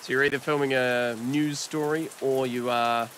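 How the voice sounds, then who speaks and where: A male radio host setting up and discussing an improvised skit in a wry, low-key way. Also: steady tone, normal speed, a bit bright, a little hiss or hum. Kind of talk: casual radio banter.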